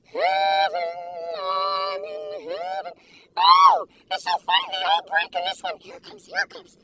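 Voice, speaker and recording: A woman taste-testing food in a casual vlog, talking in an excitable, giggly, gushing way. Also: very high voice, a little fast. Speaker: food reviewer. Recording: distant mic with faint background noise.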